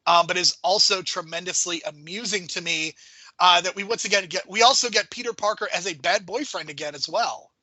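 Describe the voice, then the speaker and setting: A man co-hosting a podcast, giving measured, analytical opinions in casual chat. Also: high voice, bright, forceful tone, dry recording, poor audio. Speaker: podcast co-host.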